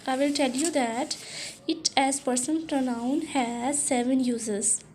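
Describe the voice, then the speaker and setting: A woman teaches a recorded grammar lesson. She talks slowly and patiently. She repeats each point and reads out example sentences. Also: sits high, fairly even intonation, darkish tone, a little hiss or hum. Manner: slow, repetitive explaining with example sentences.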